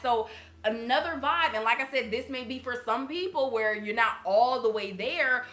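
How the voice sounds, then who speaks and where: Woman doing an intuitive reading, blunt and cussing, bright voice, echoey room. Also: fairly high pitch. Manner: blunt and animated, swears freely, laughs often. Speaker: intuitive reader and channel host. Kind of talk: casual spiritual reading to viewers.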